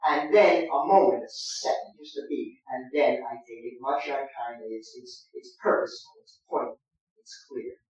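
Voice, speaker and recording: A man's voice: mid-range voice, normal speed, darkish tone. A man teaching an acting master class, giving directions and demonstrating lines aloud. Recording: echoey room, distant mic, dull sound.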